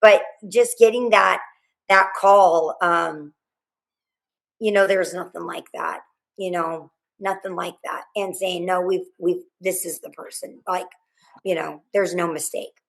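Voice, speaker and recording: Halting middle-aged woman retelling a trauma. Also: lowish voice, fairly even intonation, creaky, low-quality recording. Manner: rambling, halting retelling with many restarts and quoted dialogue. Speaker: guest, mother of a murdered student. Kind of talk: emotional interview storytelling.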